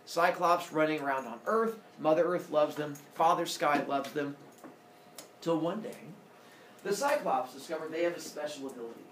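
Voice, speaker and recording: A man narrating a myth to a group in an animated oral storytelling style, pausing to quiz his listeners. His pitch moves expressively. The recording is roomy and echoey, taken from a mic set well back, with faint background noise. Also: far from the mic. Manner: animated, quizzes listeners as he goes.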